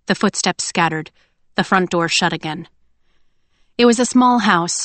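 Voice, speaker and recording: Woman audiobook narrator, low voice, dry close recording, expressive read. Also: moderate pace, long pauses, no room sound. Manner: expressive storytelling. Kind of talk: scripted narration.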